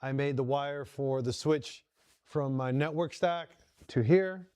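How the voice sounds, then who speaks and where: Slow, smooth-voiced man in his garage. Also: mid-range voice, dark tone, no echo, clean studio sound. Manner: talks viewers through each step as he works. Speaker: host. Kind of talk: casual hands-on workshop vlog. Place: home garage shop.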